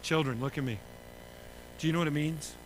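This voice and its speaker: A man with a Texan accent telling a lively story to children at a camp gathering, acting out the voices of the people in it. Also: on the high side, a little fast, slight background noise, low-quality recording. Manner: animated, acts out voices in his story. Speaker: camp speaker.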